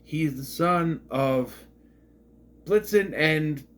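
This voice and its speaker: A man's voice: a little high, drawn-out words. A man giving a rambling, blunt and sarcastic casual movie review.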